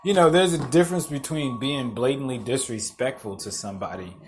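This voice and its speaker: A man's voice: medium pitch, brisk, darkish tone, slight background noise. A young adult man hosting a podcast, telling blunt, profane stories in a casual monologue and often laughing through them. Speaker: podcast host.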